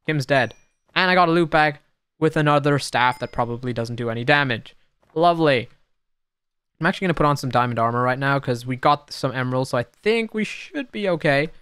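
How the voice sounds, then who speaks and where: A young man giving casual, excitable gameplay commentary, talking to the creatures on screen and swinging between muttering and sudden shouts. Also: medium pitch, fairly quick, clean tone, no echo. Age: young adult. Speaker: gaming YouTuber.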